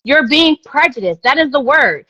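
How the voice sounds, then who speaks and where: A woman with a high voice delivers a heated live-stream rant, blunt and profane. She repeats phrases to drive each point home. The sound is dry and a little dull, like a phone or webcam mic. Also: expressive, moderate pace, pushed and bright, dry recording.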